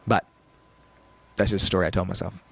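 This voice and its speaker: Casting: deep, gravelly, quick-talking man, intense and emphatic author, thirties. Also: flat delivery, no room sound. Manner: intense, emphatic, repetitive for effect. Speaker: author and podcast host, guest. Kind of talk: interview guest on a talk show.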